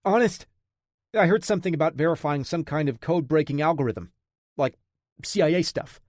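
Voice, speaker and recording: A man's voice: on the high side, fast talker, darkish tone, dry recording, clean studio sound, voice pushed up, lightly acted. A man voicing a frightened young male computer hacker who talks in a nervous, stammering, pleading way. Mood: scared, pleading.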